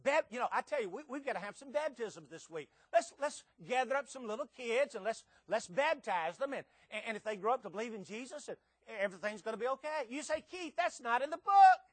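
Emphatic high-voiced male preacher. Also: lively intonation, fast talker, hardly any pauses, slightly rough, no room sound. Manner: emphatic, rising to loud peaks with rhetorical questions; stammers and repeats words. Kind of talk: sermon.

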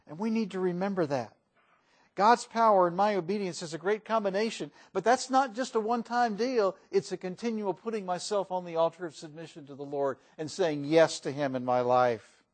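Man, preacher, high voice, folksy, emphatic sermon. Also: fairly quick. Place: church.

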